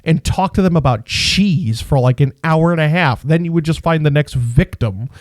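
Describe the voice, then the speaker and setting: A man co-hosting a podcast, telling stories in an animated way and swearing freely. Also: fairly high pitch, normal speed, no echo, clean studio sound. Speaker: podcast co-host. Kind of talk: casual podcast chat.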